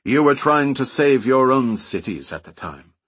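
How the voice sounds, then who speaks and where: A man's voice: mid-range voice, very animated, normal speed, fairly bright tone, no room sound, voice pushed up. A man voicing a stern, guarded general. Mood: skeptical.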